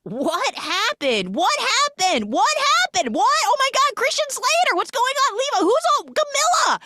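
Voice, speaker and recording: A woman quoting a male billionaire villain from a film, mostly taunting and sometimes shouting in a frantic way. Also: low voice, big pitch swings, measured pace, no echo, studio quality. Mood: panicked.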